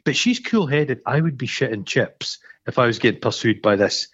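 A Scottish man co-hosting a podcast, chatting casually about a film with sweary, animated storytelling. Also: mid-range voice, moderate pace, husky. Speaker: podcast co-host. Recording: dull lo-fi sound.

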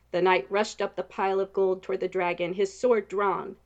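A woman reading a storybook aloud, expressive and steady. Her mid-pitched voice carries a noticeable gravelly fry. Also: normal speed, few pauses, muffled recording. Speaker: narrator.

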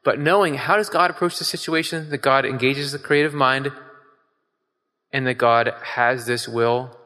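A man's voice: mid-range voice, moderate pace, pushed and bright. A man giving a casual sermon, reading scripture and talking it over in a conversational, emphatic way, asking his listeners questions. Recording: long hall reverb.

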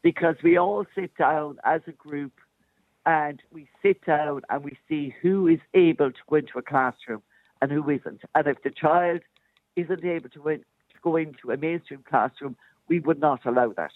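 A woman's voice: sits low, normal speed, dry recording. A woman phones in to a radio debate about her work as a special needs assistant. She speaks with insistent, emotional conviction over a thin, phone-like line.

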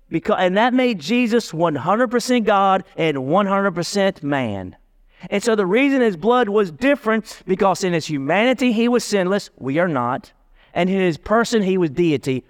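A man preaching a sermon as pastor, lively and casual, mixing slang and jokes into his teaching. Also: sits high, in a large hall.

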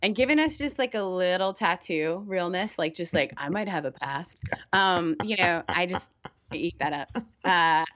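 A woman's voice: fairly low pitch, moderate pace, no echo, clean studio sound. A woman pastor with a mixed British, Canadian and Southern US accent, telling candid stories in a casual interview and laughing easily. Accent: mix of British, Canadian and Southern US. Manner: candid, animated storyteller who laughs easily. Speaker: United Methodist pastor, guest.

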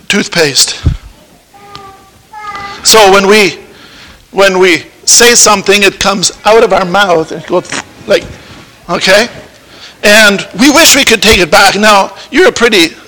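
Playful high bright-voiced man preacher. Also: a little slow, long pauses, rough recording. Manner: playful, coaxing, asks the kids questions. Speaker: preacher giving a children's lesson. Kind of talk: children's sermon.

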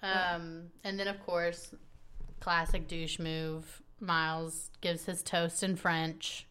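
A woman's voice: on the low side, flat delivery, slow, sharp tone, clean tone. A woman co-hosting a podcast, chatting casually about a dating show and acting out what people said. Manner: chatty, acts out quotes, laughs often. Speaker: podcast co-host.

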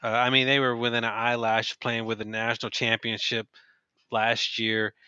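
A man's voice: mid-range voice, monotone, moderate pace, bright, forceful tone, clean tone, no room sound, highs cut off. A man co-hosting a sports podcast, talking in a hedging way with frequent restarts. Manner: hedging, restarts often, many fillers. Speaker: podcast co-host. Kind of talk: casual sports chat.

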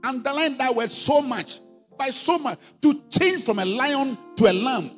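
A male pastor delivers a sermon in a high, lively voice that leaps up and down. He hammers points through repetition and climbs to shouts. His voice rings with a long hall echo over faint music. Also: unhurried. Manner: emphatic, repetitive, building to shouts.

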